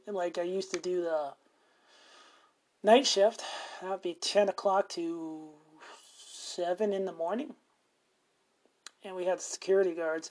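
A man's voice: high voice, a little mellow. A middle-aged man hosting a podcast, telling stories in a rambling, profane way and chuckling often. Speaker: podcast host. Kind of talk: casual storytelling monologue.

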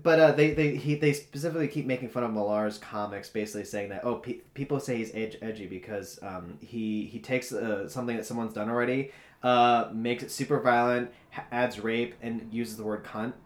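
A man's voice: mid-range voice, steady tone, a little fast. A man co-hosting a casual chat podcast, rambling with many fillers and frequent swearing. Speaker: podcast co-host. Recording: roomy echo.

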